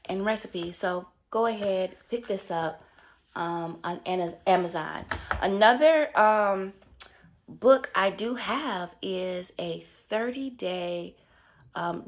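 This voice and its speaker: Chatty woman with a gravelly voice. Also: medium pitch. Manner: warm, chatty and upbeat, with many fillers. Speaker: wellness vlogger. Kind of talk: casual motivational vlog.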